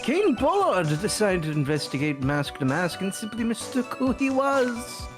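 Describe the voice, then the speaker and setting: A stream reader voicing a pompous, theatrical gentleman detective, reading game dialogue in a grandiose, self-satisfied way. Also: medium pitch, big pitch swings, normal speed, close to an everyday voice. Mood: self-assured. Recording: music playing behind the voice.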